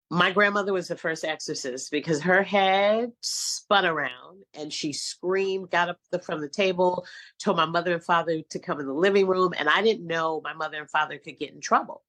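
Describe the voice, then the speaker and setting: A middle-aged woman with a somewhat low voice tells stories as an interview guest. She is animated and slips into other people's voices as she recounts scenes. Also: moderate pace. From San Francisco, California. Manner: animated storyteller, acts out quotes. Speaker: guest, casting director and acting coach. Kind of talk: casual interview storytelling.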